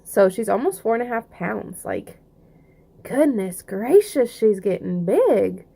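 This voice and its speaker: A young woman with a soft Southern accent talks straight to her camera in a loose, rambling way. She circles back on her thoughts, filling pauses with ums and likes. Her voice sits at an ordinary middle pitch. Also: big pitch swings, gravelly, husky. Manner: chatty, rambling, many fillers and restarts. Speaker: vlogger. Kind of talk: casual pregnancy update vlog.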